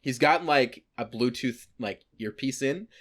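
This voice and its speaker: A man's voice: mid-range voice, unhurried, a bit bright. Casual young man telling a story. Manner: rambling with lots of "like" and swearing. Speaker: podcast co-host.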